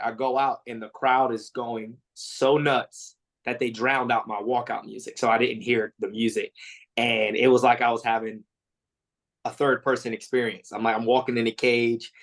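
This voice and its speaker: A man's voice: medium pitch, normal speed. Man telling fight stories in an interview. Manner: animated storytelling, acts out quotes; frequent fillers and restarts. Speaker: MMA fighter, interview guest. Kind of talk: casual interview answers.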